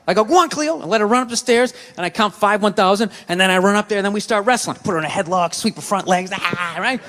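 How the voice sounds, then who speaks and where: A man doing stand-up comedy with a Boston accent, telling stories in a loud, ranting way on a stage. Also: sits high, fast talker. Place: comedy stage in a large venue. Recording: live stage recording with hall reverb.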